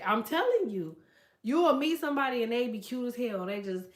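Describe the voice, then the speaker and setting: A woman hosting a casual livestream, telling stories in a loud, profane, animated way and reading out chat comments. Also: a little high, fairly quick, echoey room. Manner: profane, animated storytelling with quoted voices.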